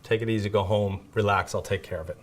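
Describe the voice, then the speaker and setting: A man putting on a quick, self-admittedly rough impression of an aging mafia boss, speaking low and deliberately with a mock gangster accent. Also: steady tone, lightly acted. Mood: menacing calm. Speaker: presenter doing a quick impression.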